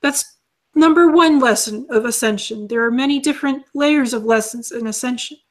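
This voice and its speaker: A woman channeling as an alien being, calmly teaching and repeating her lessons as numbered lists. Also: high voice, normal speed.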